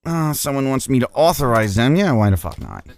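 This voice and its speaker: A man's voice: mid-range voice, very animated, fairly quick, gravelly, dry recording. A man hosting a casual radio show, reading listener messages with crude, mocking, profane banter while sneezing through an allergy attack.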